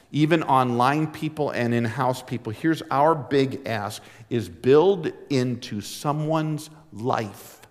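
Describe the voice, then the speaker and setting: A man's voice: medium pitch, in a large hall. A man preaching a sermon in a direct, earnest, conversational way. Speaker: pastor.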